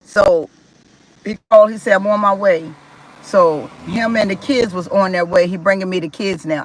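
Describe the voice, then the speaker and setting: Telling a personal story as testimony, a woman from South Carolina, US, animatedly performs the voices of others and laughs as she goes. She speaks at normal speed in a mid-range voice, with slight background noise on a rough recording.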